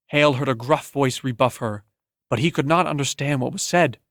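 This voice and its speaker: A man narrating an audiobook in a steady, even storytelling manner, close to the mic. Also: medium pitch, brisk, dry recording. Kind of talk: scripted narration.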